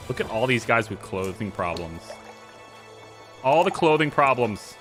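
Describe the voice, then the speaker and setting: A man's voice: mid-range voice, very animated, a little slow, long pauses. Chatty male game streamer over music. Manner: chatty, joking, thinking aloud while playing. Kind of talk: casual let's-play commentary.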